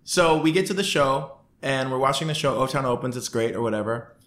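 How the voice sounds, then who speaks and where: A man telling a story in a casual interview, acting out what people said in raised, lively voices. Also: medium pitch, fairly quick. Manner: animated, acts out quotes in raised voices. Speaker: podcast guest.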